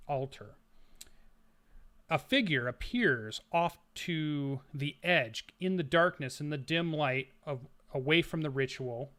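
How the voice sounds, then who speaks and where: A man running a tabletop role-playing game as game master. He describes scenes like film shots, with many fillers and restarts. His voice is bright and forceful and sits a little high. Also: clean tone.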